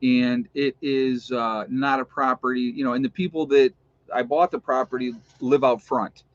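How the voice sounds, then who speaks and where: A man's voice: mid-range voice, fairly even intonation, moderate pace. A man with an upstate New York accent, rambling in a chatty, casual way to his viewers and laughing often. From New York State. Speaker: vlogger. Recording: dull lo-fi sound.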